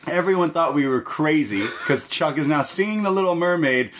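A man's voice: on the high side, brisk, noisy background. A man co-hosting a wrestling podcast in casual chat, telling stories with lots of laughs. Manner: animated storyteller, laughs often. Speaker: podcast co-host.

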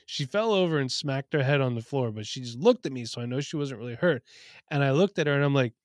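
A man's voice: medium pitch, expressive, quick pace, no room sound. A man from eastern Pennsylvania co-hosting a parenting podcast, telling stories in casual chat with a wry, dry humor. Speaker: podcast co-host.

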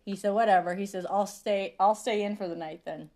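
A woman's voice: medium pitch, steady tone, fairly quick, darkish tone. A woman hosting a podcast in casual chat, telling stories with lots of swearing and laughter. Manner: profane, laughing storyteller. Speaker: podcast host.

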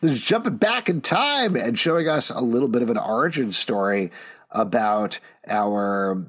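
A man hosting a comic book podcast, introducing each issue and its credits in a brisk, matter-of-fact way. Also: medium pitch, expressive, a bit bright. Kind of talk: casual comic book review.

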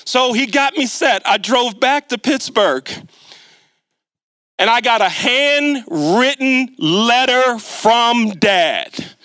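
A man preaching in a church with an unusually high, bright voice. He tells a humorous story in a chatty way and keeps asking the congregation questions. The sound is dry and close. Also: animated, slow pace, clear, resonant tone, dry recording. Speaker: lay preacher. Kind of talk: storytelling sermon. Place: church sanctuary.

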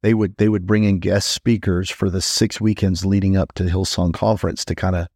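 A man's voice: sits low, flat delivery, darkish tone, dry recording, studio quality. A man, a pastor hosting a podcast, teaching in a conversational way, repeating phrases for emphasis and restarting his sentences often. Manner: frequent quick restarts and stammers.

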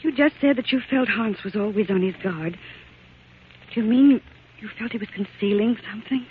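In a 1940s radio drama, an actress plays a young woman whose uncle was murdered, pleading anxiously and nearly in tears. Her mid-range voice moves at a moderate pace, lightly acted, through a tinny old broadcast with faint hiss.

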